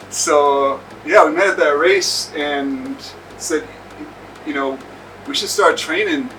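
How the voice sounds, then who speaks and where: Man, bright forceful tone, casual halting recollection, distant mic with faint music under. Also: on the high side, slight background noise. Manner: relaxed, halting with fillers and repeats. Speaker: interviewee, paddling coach.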